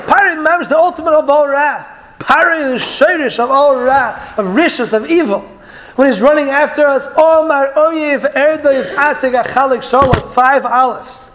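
A man delivers an earnest Torah lecture in a strikingly high voice. He slips Hebrew and Yiddish terms into his English as he explains verses and tells stories. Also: fairly bright tone. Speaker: Torah teacher.

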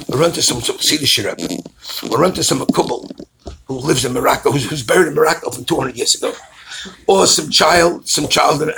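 A man, a rabbi, giving an animated storytelling sermon and acting out the people in his stories. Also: a little high, creaky, a little hiss or hum. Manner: animated storytelling, acts out callers' voices.

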